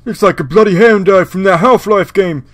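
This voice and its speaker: A man voicing a brash young male rocker with a put-on British accent and a raspy voice. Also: sits high, dry recording, soft background music, voice pushed up, close to an everyday voice. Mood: disgusted. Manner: loud exclamations, drawn-out Oi.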